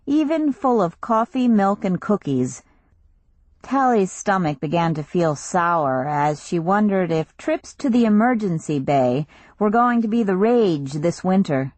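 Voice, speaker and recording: A woman narrating an audiobook in a steady, measured reading voice, recorded on a close studio mic. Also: mid-range voice, dry recording.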